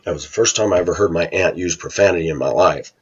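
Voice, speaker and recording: A man recounting a childhood story in a casual monologue, animated and acting out the voices of others. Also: low-pitched, quick pace, slightly rough. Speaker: vlogger. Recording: dull lo-fi home recording.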